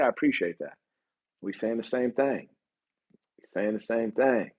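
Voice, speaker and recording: A man's voice: mid-range voice, a little slow, slightly rough. Blunt, mocking man hosting a livestream. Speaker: host. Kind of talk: livestream commentary.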